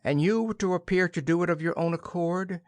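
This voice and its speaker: A man's voice: high-pitched, fairly quick, no echo, pitched above the performer's own voice. A man voicing a patronizing middle-aged husband who scolds and talks down to his wife. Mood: scolding. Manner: scolding, condescending.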